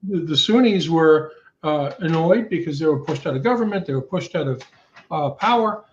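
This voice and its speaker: A man's voice: on the high side, animated, normal speed, slight background noise. Analytical man on roomy, dull audio. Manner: analytical, laying out causes step by step. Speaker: guest, intelligence studies professor. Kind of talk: casual chat, explaining.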